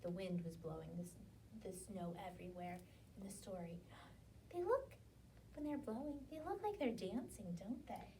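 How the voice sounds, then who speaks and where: A woman librarian reading a picture book aloud at children's story time, animated and sing-song. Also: mid-range voice, moderate pace, distant mic, a little hiss or hum.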